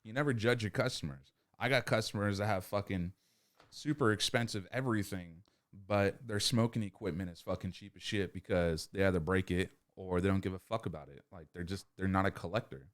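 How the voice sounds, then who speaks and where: A man with a fairly low voice talks through sales advice on his podcast. He rambles casually and swears constantly, like he's chatting with a friend. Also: fairly quick. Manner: profane, rambling, acts out customer scenes. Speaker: podcast host.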